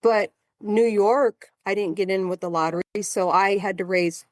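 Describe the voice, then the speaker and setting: A woman in her sixties, a marathon runner guesting on a podcast, telling stories in a chatty, animated way. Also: medium pitch, normal speed, no room sound, clean studio sound. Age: 60s. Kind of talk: casual storytelling chat.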